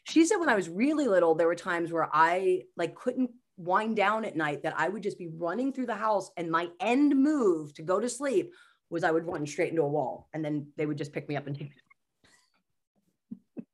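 High-energy woman comedian telling stories. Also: normal speed. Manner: high-energy, animated storyteller. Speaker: comedian and mental health speaker, guest. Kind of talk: casual podcast conversation.

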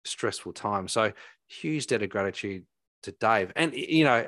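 A chiropractor tells his story in a low voice, rambling and animated, often restarting his sentences. The sound is dry and close, with almost no room around it. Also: no echo. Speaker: chiropractor guest. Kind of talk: conversational storytelling.

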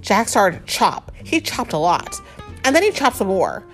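A woman reading a picture book aloud to a child, animated and chatty, often laughing and stopping to talk with the child. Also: mid-range voice, normal speed, faint music behind. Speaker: storybook reader.

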